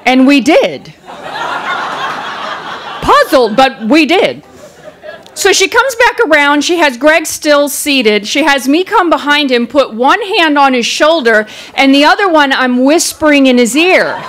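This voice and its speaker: A woman telling a comic personal story on stage, animated and acting out the people in it, into a stage microphone. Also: high-pitched, a little slow, slight background noise. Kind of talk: live first-person storytelling. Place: stage in front of a live audience.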